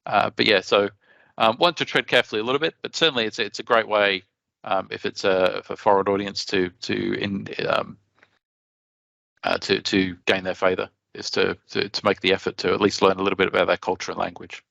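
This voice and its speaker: An Australian man giving a conference talk, his voice gravelly yet bright and forceful. He is chatty and animated and often restarts his sentences. The recording is dry and a little dull. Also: on the low side, brisk, no echo. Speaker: conference presenter.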